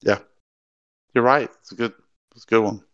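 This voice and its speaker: A man's voice: lowish voice, fairly even intonation, moderate pace, a bit bright, no echo. A man co-hosting a book podcast, chatting casually with some hesitant fillers and reading quotes aloud. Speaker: podcast co-host. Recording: dull lo-fi mic.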